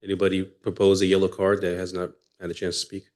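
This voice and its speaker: A man's voice: low-pitched, monotone, fast, a little mellow. A man chairing a council meeting, calling up speakers and hesitating over names. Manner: hesitant, reading names aloud. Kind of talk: chairing public comment. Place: city council chamber.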